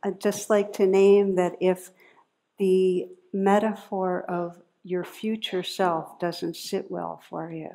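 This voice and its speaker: A woman meditation teacher giving a dharma talk in a gentle, unhurried, reflective way, leading into a guided practice. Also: lowish voice, creaky.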